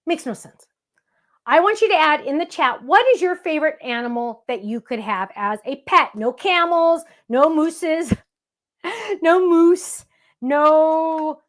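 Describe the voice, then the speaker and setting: A woman with a high, slightly bright voice hosts a live-streamed crafting demonstration. Working at her table, she keeps up a playful, chatty patter with viewers in the chat.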